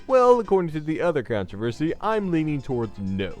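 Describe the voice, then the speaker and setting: A man's voice: a little fast, faint music behind. Sarcastic, crude male gaming commentator. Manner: sarcastic and crude, with lively swings in pitch. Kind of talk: scripted video game commentary.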